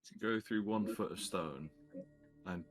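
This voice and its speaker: A man's voice: low voice, measured pace, soft background music. A man playing in a tabletop game, talking in a casual, eager way. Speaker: player.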